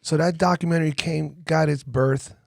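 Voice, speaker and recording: A man's voice: a little high, steady tone, moderate pace, vocal fry, no echo, clean studio sound. A man hosting a podcast, reacting with short enthusiastic comments and questions. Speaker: podcast host. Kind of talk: casual interview chat.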